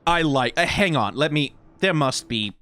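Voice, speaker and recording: A man reacting to game character designs in casual, rambling commentary, full of fillers, restarts and sudden excited jumps. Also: moderate pace. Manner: rambling, frequent fillers and self-corrections; animated, pitch jumps when excited.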